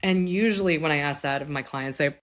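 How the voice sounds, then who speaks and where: A low-pitched woman therapist speaks in a gentle, reflective way as she hosts a podcast. She explains a clinical idea to her listeners, now and then slipping into the voices of clients or parents to illustrate it. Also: a little fast. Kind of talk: conversational psychology talk.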